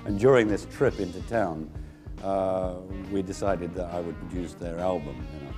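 Deep-voiced producer reminiscing. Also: male voice, normal speed, over music. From England. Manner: relaxed rambling storytelling with many fillers. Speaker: record producer. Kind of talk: interview recollection.

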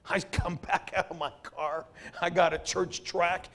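A man's voice: high voice, little pitch movement, a little slow, a bit bright. A man preaching a revival sermon, telling a personal story and then reading scripture with rising emphasis. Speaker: guest preacher.

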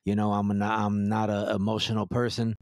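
A man's voice: lowish voice, completely flat delivery, a little fast, a little mellow, no echo, studio quality. A man on a podcast talking bluntly and directly, swearing freely and restarting his words often. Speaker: podcast guest. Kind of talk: blunt casual chat.

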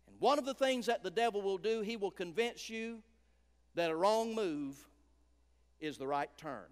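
High-voiced preacher in a reverberant church. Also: male voice, animated, moderate pace, clean tone. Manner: emphatic preaching with dramatic drops to a hush. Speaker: guest preacher. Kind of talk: revival sermon. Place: large church sanctuary.

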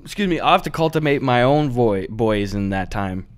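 Deadpan American podcast co-host. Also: male voice, medium pitch, moderate pace. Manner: deadpan, playfully evasive. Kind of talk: casual chat.

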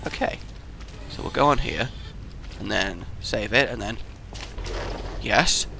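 A young man giving excitable, jokey let's play commentary as he plays through puzzle maps, yelping and shouting when he fails. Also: lowish voice, slow pace, gravelly, a little hiss or hum. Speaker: gaming YouTuber.

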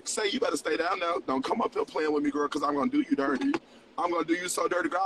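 Talking quickly and with lots of animation, this livestream host, a man in his twenties with a higher voice, mixes mock sermons with profane, confessional chatter, flipping from teasing to baring his soul. The mic is distant and the background noisy.

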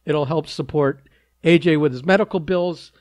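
A man's voice: fairly high pitch, moderate pace, a little mellow. A man hosting a podcast in casual chat, with dry teasing humor and an offhand manner. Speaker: podcast host.

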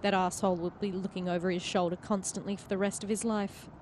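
A woman playing a story game, reading its text aloud as an expressive narrator and chatting between passages. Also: medium pitch, fast talker, slight background noise. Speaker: player and host of a game playthrough.

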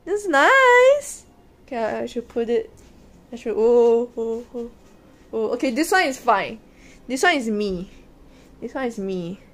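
Giggly, excitable woman streamer. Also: on the high side, a little slow, long pauses. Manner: excitable, giggly, repeats words and restarts. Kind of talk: casual live stream chat. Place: hotel room.

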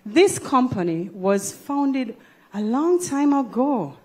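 Jamaican woman, stage co-host, playful and coaxing, a touch high. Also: sing-song, slow pace, a little mellow. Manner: playful, coaxing, laughs often. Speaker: co-host of a church service. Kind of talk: lively stage emceeing.

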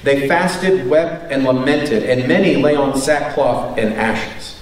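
Conversational pastor in an echoey room. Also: male voice, mid-range voice, slow pace, distant mic. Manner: conversational, tag questions "right?". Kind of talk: sermon. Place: church hall.

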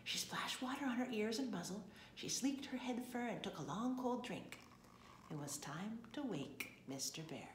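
Brief: woman storyteller, lively, varied reading voice, echoey room, faint hiss behind. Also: on the high side, moderate pace. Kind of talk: children's storybook read-aloud.

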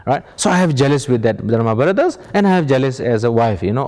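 A man talks fast in a mid-range, slightly mellow voice with big pitch swings while giving an audience an informal meditation teaching. His English is plain and non-native, and he mixes rhetorical questions with chuckling storytelling.

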